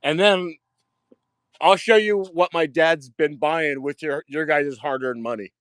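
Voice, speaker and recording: A man giving a casual live-stream tour of his diecast collection, excitable, swearing freely and repeating himself. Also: on the high side, measured pace, clear, resonant tone, dry recording. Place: home storage rooms and outdoors at night.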